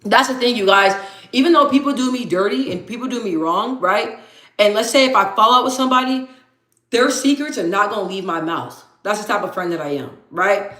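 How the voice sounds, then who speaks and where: A woman's voice: mid-range voice, a little fast, a bit bright. A woman hosting a casual livestream, talking candidly to viewers, reading their comments aloud and repeating phrases for emphasis. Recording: echoey room.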